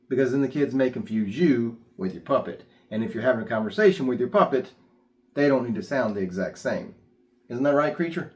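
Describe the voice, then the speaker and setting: Brief: plainspoken male teacher, casual how-to delivery, mid pitch. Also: a little mellow. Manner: plainspoken, demonstrates voices. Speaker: puppet ministry teacher. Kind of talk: casual instructional talk.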